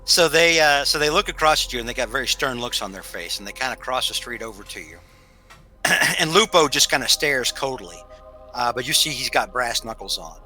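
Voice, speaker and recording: Bright-voiced man running a tabletop game. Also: medium pitch, soft background music, low-quality recording. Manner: relaxed, halting narration with restarts. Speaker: game master.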